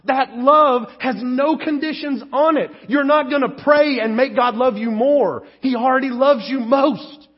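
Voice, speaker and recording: A man preaching a sermon as pastor, telling stories with lively acted-out voices. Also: very high voice, a little slow, hardly any pauses, breathy edge, highs cut off. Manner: animated storytelling, acting out quoted voices.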